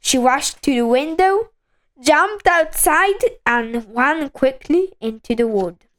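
A woman reading a children's storybook aloud, slowly and with clear enunciation. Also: high voice, lively intonation, a bit bright.

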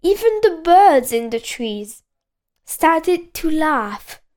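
High-pitched lady reading a kids storybook slow, keeps cracking up giggling. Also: big pitch swings, a little mellow. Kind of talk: reading a children's storybook aloud.

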